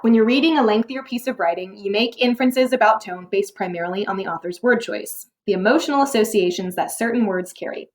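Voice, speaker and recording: A woman teacher reading a scripted lesson, explaining clearly and posing rhetorical questions. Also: mid-range voice, fairly quick, few pauses, slight background noise. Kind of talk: scripted narration for a test-prep lesson.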